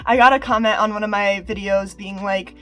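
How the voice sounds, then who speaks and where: A woman's voice: mid-range voice, fairly even intonation, a little fast, fairly bright tone, soft background music. A young woman giving casual YouTube commentary, chatty and emphatic, laughing mid-sentence.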